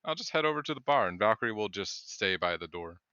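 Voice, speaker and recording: A man playing a tabletop game, talking in a relaxed way. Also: fairly low pitch, quick pace, clear, resonant tone, dry recording, lo-fi sound. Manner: relaxed, laughs easily. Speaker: player.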